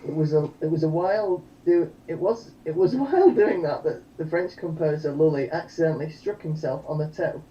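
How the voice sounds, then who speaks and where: Man, game player, mellow, eager, distant mic. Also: a little high, fairly quick, hardly any pauses, lo-fi sound. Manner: eager, reads trivia aloud. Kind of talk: casual game chat. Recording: distant mic with faint noise.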